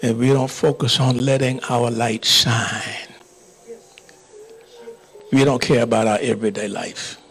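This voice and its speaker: A man preaching and praying to a church congregation in a fervent manner, at times dropping into hushed whispers and speaking in tongues. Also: mid-range voice, little pitch movement, takes it slowly, pauses often, poor audio. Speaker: pastor. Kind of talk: sermon with closing prayer. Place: church sanctuary.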